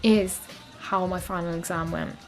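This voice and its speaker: A woman's voice: on the low side, steady tone, unhurried, darkish tone, soft background music. A young woman, talking casually to camera in a rambling, chatty way full of fillers. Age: young adult. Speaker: vlogger. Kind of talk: casual vlog chat.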